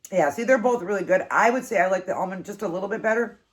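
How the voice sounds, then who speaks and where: A woman's voice: mid-range voice, fast. Woman chatting on her eating vlog, giggly and rambling, casual storytelling. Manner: chatty, laughing through an embarrassing story. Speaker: vlogger hosting an eating show.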